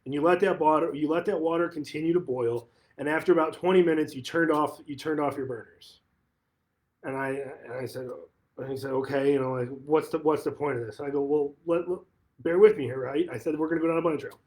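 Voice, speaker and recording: A man with a voice pitched a bit above average talks casually on a livestream as a real estate office manager. He is chatty and keeps repeating and restarting his phrases as he retells a conversation. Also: steady tone, quick pace.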